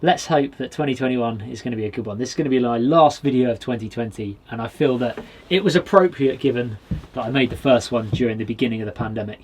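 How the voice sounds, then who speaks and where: A man from Britain vlogging from a small wood cabin with a stove, chatting in a relaxed way and talking straight to his viewers. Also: medium pitch, fast, hardly any pauses, slightly rough. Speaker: outdoors vlogger. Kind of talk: casual vlog to camera.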